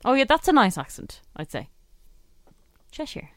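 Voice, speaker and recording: A woman's voice: high voice, sing-song, moderate pace, no echo, studio quality. Chatty woman co-hosting. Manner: chatty, self-deprecating. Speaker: radio podcast co-host. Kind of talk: casual chat.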